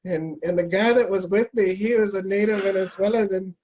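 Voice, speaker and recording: A man telling lively anecdotes in a casual interview, slipping into imitations of the people he met. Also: high voice, fairly quick, slight background noise. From North America. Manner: animated anecdotes, mimics Spanish speakers. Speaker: interview guest. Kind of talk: storytelling in casual conversation.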